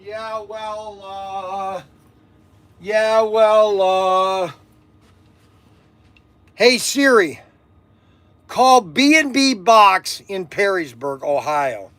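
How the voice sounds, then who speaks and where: High-voiced older man, rambling and joking. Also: very slow, pauses often, fairly bright tone, clear, resonant tone, no room sound. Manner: rambling, joking, self-interrupting. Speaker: host of a toy shop channel. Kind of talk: casual chat on camera.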